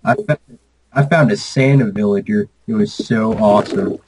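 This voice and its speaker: A man's voice: lowish voice, normal speed, darkish tone, slightly rough, poor audio. A man joining a casual game session, tossing out dry, self-mocking quips. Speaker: gaming guest. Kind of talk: casual gaming banter.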